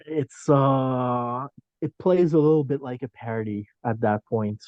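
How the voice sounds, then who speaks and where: A man's voice: mid-range voice, unhurried, darkish tone, no echo, lo-fi sound. A man talking as a podcast guest in casual chat, hesitant and hedging, with many filler ums.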